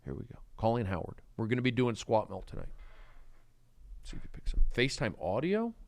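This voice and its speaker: Brief: male livestream host, erratic, lively pitch, dry close phone sound, talks to viewers. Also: a little fast, no room sound. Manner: erratic, swings between shouting and mumbling. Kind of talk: rambling solo livestream chat.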